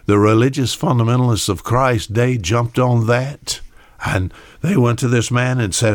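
A man's voice: medium pitch, moderate pace, no room sound, studio quality. A man preaching a sermon in a folksy storytelling way, acting out the voices of the people in his Bible stories.

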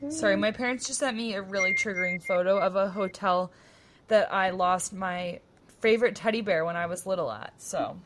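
A woman's voice: medium pitch, moderate pace, a bit bright, slight background noise. A young woman co-hosting a podcast, telling stories in a chatty way and saying "like" a lot. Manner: chatty storytelling, says "like" a lot. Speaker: podcast co-host. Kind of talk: casual chat.

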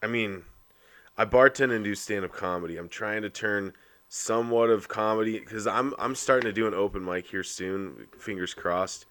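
Smooth, low-voiced laid-back man. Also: normal speed, a bit bright, no echo. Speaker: bartender and stand-up comedian. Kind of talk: casual chat.

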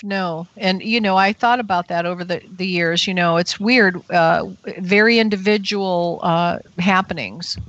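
A middle-aged woman tells her story in a chatty, filler-heavy way, her voice sitting a bit low. The sound is dry and close, with dull, lo-fi audio like a web radio stream. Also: a bit bright, dry recording. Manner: chatty, many fillers, quick laughs. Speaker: radio show guest, field investigator. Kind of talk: casual storytelling.

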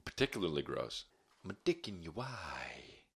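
Man, podcast co-host, low pitch, bright edge, wry and teasing. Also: big pitch swings, measured pace, vocal fry, breathy edge. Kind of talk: casual comedic banter.

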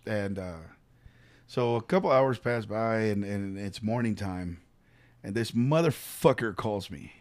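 With a lowish voice and measured pace, a podcast co-host recounts a story in loose conversation, cursing freely and dramatizing what others said with animation. The recording is dry.

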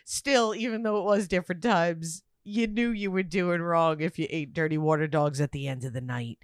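A woman's voice: fairly low pitch, moderate pace, no echo, clean studio sound. A middle-aged woman, co-hosting a casual podcast chat, emphatic, laughing often and swearing freely. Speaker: podcast co-host.

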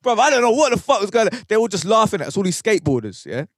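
A young man's high-pitched voice races as he co-hosts a podcast, telling a rambling, animated story thick with slang and swearing. The studio recording is dry and clean.

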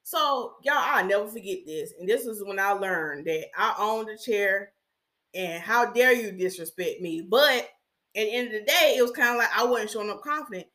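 A woman hair stylist hosting a podcast, telling stories about her clients in a casual, animated way and acting out their voices. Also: medium pitch, normal speed. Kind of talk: storytelling podcast talk.

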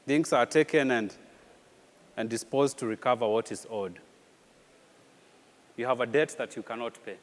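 A man preaching a sermon in an animated way, with rhetorical questions and repeated phrases. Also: mid-range voice, moderate pace, pauses often, in a large hall. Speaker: pastor.

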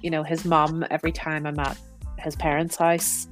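A woman's voice: low voice, level tone, moderate pace, soft background music. A woman in her thirties, chatting casually as a podcast guest and explaining things with lots of fillers and asides. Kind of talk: casual conversational interview.

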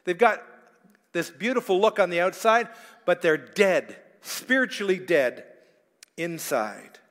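Male pastor, high-pitched, conversational sermon, many fillers, big echoing church. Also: expressive, unhurried, fairly bright tone. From Canada. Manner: conversational preaching with asides and jokes to the congregation; frequent filler sounds and restarts. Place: church hall.

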